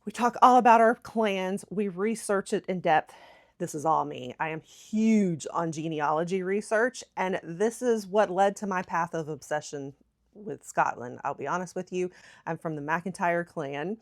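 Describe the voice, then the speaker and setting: A woman's voice: fairly low pitch, moderate pace. An American woman talking to camera as a travel vlogger, bubbly and chatty, laughing at herself now and then. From United States. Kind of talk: casual chat to camera.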